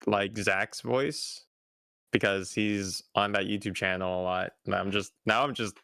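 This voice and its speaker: A young man chatting casually on a stream, easygoing and quick to laugh. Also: lowish voice, steady tone, gravelly, sharp tone, no echo. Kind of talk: casual chat.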